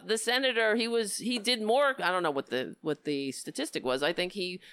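A woman hosting a political talk show, giving impassioned, indignant commentary with a hoarse voice. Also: fairly high pitch, no echo. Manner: impassioned, indignant, rising to near-shouting.

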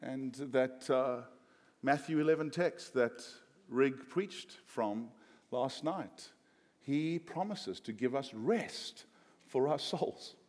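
A man's voice: medium pitch, darkish tone. A man preaching a conversational sermon, joking and chatty with frequent fillers. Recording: long hall reverb.

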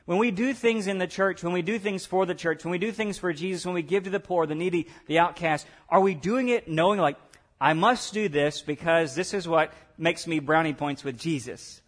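A man's voice: sits high, normal speed. A man preaching a sermon, acting out voices of God and the believers as he tells the story. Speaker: pastor.

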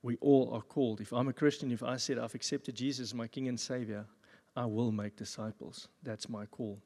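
Man, pastor, church sermon, jokey animated asides, middle pitch, long hall reverb. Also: a little fast. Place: church service.

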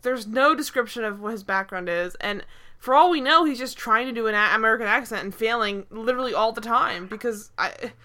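Young female co-host, bright, animated, casual recap chat with frequent laughter. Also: a little high, brisk. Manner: animated, laughing, exasperated, many fillers. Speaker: podcast co-host.

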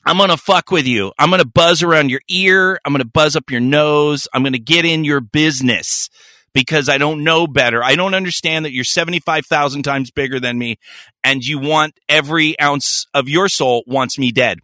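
A man's voice: fairly high pitch, moderate pace, bright, forceful tone, dry recording, studio quality. A man voicing a pesky little fly that taunts a person in a cocky way. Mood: taunting.

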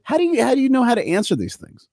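A man's voice: very high-pitched, wildly swooping pitch, very fast, vocal fry, a little mellow, no echo, studio quality. A man hosting an interview, often repeating words as he searches for how to phrase things. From former Soviet Union family, raised in America. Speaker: host. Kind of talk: interview conversation.

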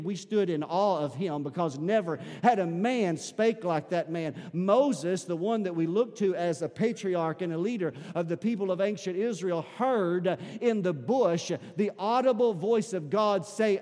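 A man's voice: a little high, a little mellow. A man preaching a Sunday sermon as pastor to his church, building to fervent exhortation. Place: church sanctuary. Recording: long hall reverb.

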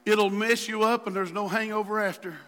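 A male pastor preaching a sermon with passion, dropping to a hush and then rising to near shouts. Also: high voice, fairly even intonation, brisk, background noise. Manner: impassioned preaching, swings from hushed to shouting. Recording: long hall reverb.

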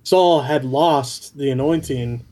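A man co-hosting a casual faith podcast, speaking slowly and reflectively, often trailing off quietly. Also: medium pitch. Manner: slow, reflective, trailing off softly. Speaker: podcast co-host.

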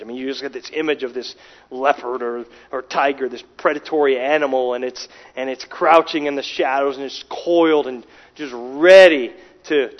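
A man preaching a sermon, emphatic, with rhetorical questions and frequent restarts. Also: medium pitch. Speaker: pastor. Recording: dull sound with long hall reverb.

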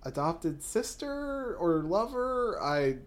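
A man's voice: sits high, big pitch swings, takes it slowly. A man in casual conversation, rambling along with many fillers and frequent laughs. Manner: laid-back, rambling, laughs often. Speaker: podcast co-host. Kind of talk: casual chat about manga.

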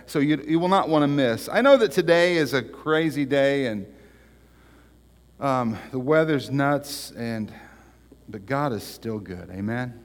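A pastor gives announcements from the pulpit, halting and full of fillers, then lively as he tells a story. His voice sits in the middle range for a man. A long reverb trails every phrase in the church sanctuary. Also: medium pitch. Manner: halting, with many fillers and restarts, growing animated in stories. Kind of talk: church announcements and joke telling.

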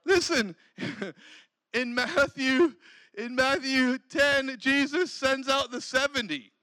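A man preaching a lively sermon, laughing often and breaking into exclamations of praise. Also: extremely high pitch, slow, no room sound, low-quality recording.

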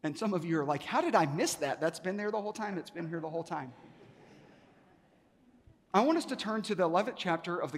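High-voiced pastor preaching in a reverberant hall. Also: male voice, breathy edge. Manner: animated storytelling, acts out dialogue with rising pitch and volume. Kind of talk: sermon. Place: church sanctuary. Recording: long reverb of a large hall.

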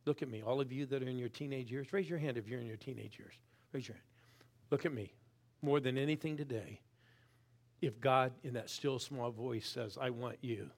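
A middle-aged man preaching a sermon, swinging from loud calls to quiet, intense asides and pushing the crowd to answer back. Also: mid-range voice, moderate pace. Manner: urges the crowd to respond. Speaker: guest preacher.

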